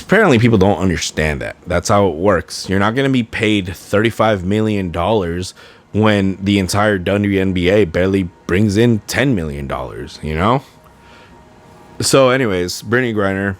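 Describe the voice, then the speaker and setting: A young man in his twenties talking through a solo podcast episode, wandering off on tangents and jabbing with sarcasm. His voice sits on the lower side for a man, and he speaks in a loose, casual way. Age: 20s. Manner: rambling, goes off on tangents, sarcastic. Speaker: podcast host.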